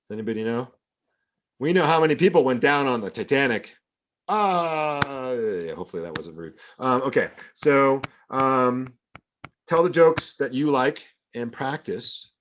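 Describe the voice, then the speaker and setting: A man's voice: medium pitch, a little hiss or hum. Man, professor, classroom lecture, rambling, anecdotal, lots of ums. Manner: rambling, anecdotal, many fillers.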